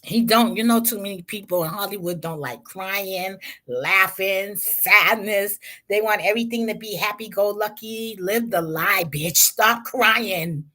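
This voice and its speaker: Woman vlog host, unhurried, blunt and slangy celebrity commentary. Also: medium pitch, bright, forceful tone.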